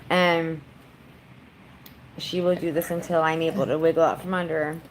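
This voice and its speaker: A woman's voice: sits low, fairly even intonation, unhurried, slight background noise, rough recording. A woman vlogger chatting casually on a livestream from her home during a storm, doting on her dog.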